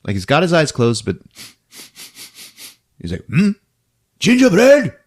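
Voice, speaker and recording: A man hosting a podcast, recapping a movie scene by scene, jumping into quick character voices and laughing often. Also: medium pitch, big pitch swings. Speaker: podcast host.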